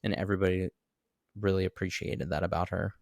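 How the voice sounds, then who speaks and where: Woman co-host with a gravelly, dry-miked voice; wry, blunt movie commentary. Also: rumbling low, steady tone, fast talker, a little mellow, no echo. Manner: wry, blunt, swears casually. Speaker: podcast co-host. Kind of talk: casual movie chat.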